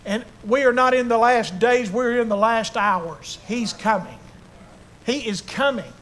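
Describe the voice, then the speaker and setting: Fervent older male preacher, high voice. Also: unhurried, a bit bright. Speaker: pastor. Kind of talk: sermon.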